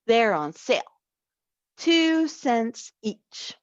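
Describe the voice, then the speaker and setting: A woman's voice: fairly high pitch, very animated, extremely slow, dry recording, highs cut off, full character voice. A woman voicing an imaginative little boy in a children's story read aloud. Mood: playful.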